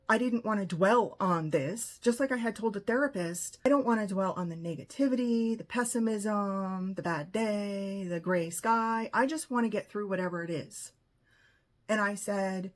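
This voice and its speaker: A vlogger with a medium-pitched voice and lively intonation tells a personal story at a moderate pace. She sounds emphatic and indignant, acting out the quotes as she retells what was said.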